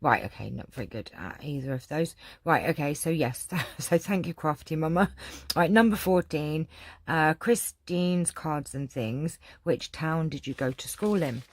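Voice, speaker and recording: A woman's voice: sits low, unhurried, dry recording. Middle-aged English woman, English accent, rambling casual chat, dry close sound. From England. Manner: chatty, rambling, lots of ums. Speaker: crafting vlogger answering viewer questions.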